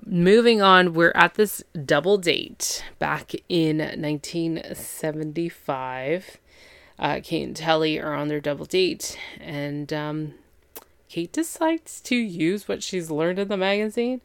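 Chatty low-voiced woman recapping an episode. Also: slow pace, clear, resonant tone, no room sound. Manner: chatty, laughs often, acts out characters' lines. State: tired after a long day. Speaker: podcast host recapping a TV episode. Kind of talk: casual chat.

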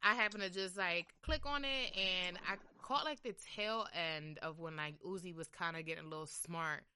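A woman's voice: lowish voice, moderate pace, sharp tone, slight background noise. A woman hosting a podcast in casual chat, talking loosely with many fillers like "like" and "um". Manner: chatty, lots of "like" and "um". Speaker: podcast host.

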